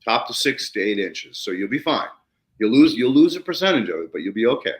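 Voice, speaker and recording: A man's voice: mid-range voice, brisk. A middle-aged man hosting a podcast, telling farm stories casually and acting out the people he quotes. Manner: animated anecdote-telling, acts out the people he quotes. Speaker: podcast host. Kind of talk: casual storytelling chat.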